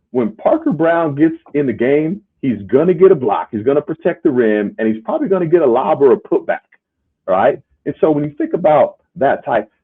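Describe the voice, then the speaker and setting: A man's voice: mid-range voice, breathy edge. A man who once played the sport, co-hosting a podcast and making emphatic, punchy points. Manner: emphatic, punchy, tag questions. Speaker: podcast co-host, former player. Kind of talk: casual sports chat. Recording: tinny phone-like sound.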